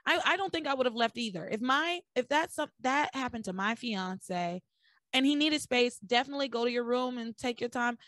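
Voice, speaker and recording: A woman hosting a podcast, recapping episodes in a blunt, animated way with some swearing. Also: a little high, moderate pace, dry recording, studio quality. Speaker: podcast host. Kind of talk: casual recap chat.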